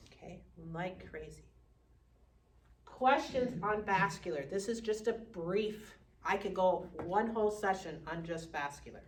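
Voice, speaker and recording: A woman teaching a class on dementia care, lively, acting out family members and residents. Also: on the low side, a little slow, slight background noise. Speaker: dementia educator. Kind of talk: classroom lecture. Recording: echoey room from far off.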